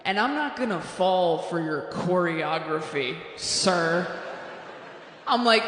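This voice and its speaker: A woman delivers a stand-up comedy set from a theater stage. Her punchlines rise loud and mocking. The sound carries the long reverb of a live hall with faint ambience behind it. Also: on the low side, expressive, slow pace, a little hiss or hum.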